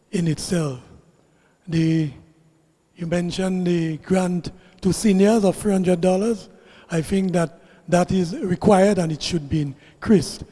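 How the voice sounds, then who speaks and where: A man, an election candidate answering audience questions at a public forum in a measured, explanatory way. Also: sits high, warm tone, husky, big-room sound. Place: public meeting hall.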